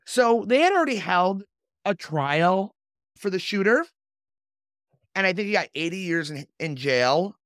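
A woman's voice: lowish voice, lively intonation, a little slow, pauses often, no room sound, studio quality. A woman hosting a podcast, reading sources aloud and chatting in a sardonic, storytelling way. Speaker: podcast host.

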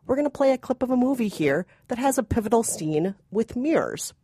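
A woman's voice: fairly high pitch, sing-song, a little fast, warm tone, no echo, clean studio sound. A woman from Minnesota with a Minnesotan accent, co-hosting a movie podcast with teasing banter. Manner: teasing, bantering, laughs often. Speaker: podcast co-host. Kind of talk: casual movie review chat.

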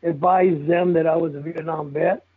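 A man's voice: fairly high pitch, steady tone, normal speed, husky. An older man telling stories in a blunt, profane way, chuckling often as he talks. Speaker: guest telling stories of his football days. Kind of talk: casual storytelling interview. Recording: tinny phone line.

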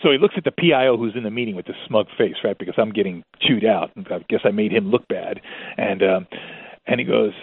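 A man's voice: fairly low pitch, a little fast, breathy edge, no echo. A man in his fifties, a zoo spokesperson, telling a story as a guest and doing voices for the people in it. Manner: lively, does voices for people in his stories. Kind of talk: animated storytelling. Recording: dry tinny phone line.

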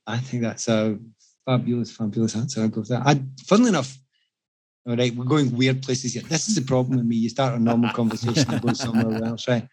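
A Scottish man chats casually with friends, spinning lively, self-mocking anecdotes at a fast clip. His husky, breathy voice sits in the middle of the male pitch range.

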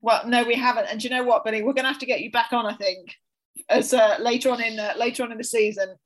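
A woman hosting a golf podcast in an upbeat, appreciative way, quick to laugh. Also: a little high, steady tone, poor audio. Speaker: podcast host. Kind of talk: casual chat.

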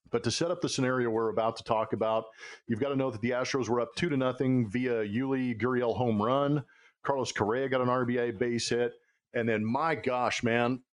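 A male podcast host talks baseball in an easy, chatty way, with plenty of filler words along the way. His voice sits at a middle pitch. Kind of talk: casual sports podcast chat. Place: Houston.

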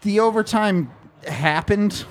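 A man's voice: high-pitched, takes it slowly. A man hosting a casual sports podcast, reading out viewer messages and laughing often. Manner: reads out viewer super chats, laughs often. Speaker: podcast host.

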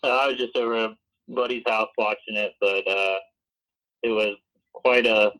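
Low-voiced guy on a sports podcast, casual and halting. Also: level tone, sharp tone, low-quality recording. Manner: halting, many fillers. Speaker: podcast co-host.

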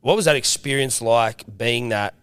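A man, a co-host asking relaxed, rambling questions in a casual sports podcast. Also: medium pitch, normal speed, clear, resonant tone, dry recording.

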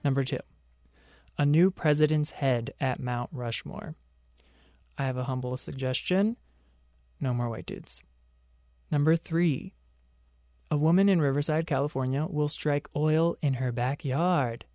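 A man's voice: on the high side, measured pace, long pauses, dark tone, dry recording, clean studio sound. Sarcastic young man hosting a podcast. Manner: sarcastic, joking asides. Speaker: podcast host. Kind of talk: solo pop culture commentary.

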